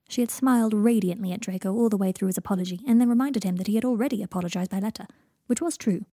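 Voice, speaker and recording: A woman narrating a story aloud in a steady storytelling way. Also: medium pitch, rapid-fire, husky, dry recording, clean studio sound. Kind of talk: audiobook reading of fan fiction.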